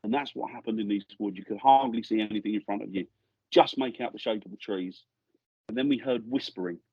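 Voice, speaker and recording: A middle-aged man from England, lowish and a bit husky, rambles through ghost-hunting memories in a casual interview. He keeps restarting sentences. The sound is dry, with a slightly dull, lo-fi studio mic. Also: brisk, no echo. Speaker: guest ghost hunter. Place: podcast studio.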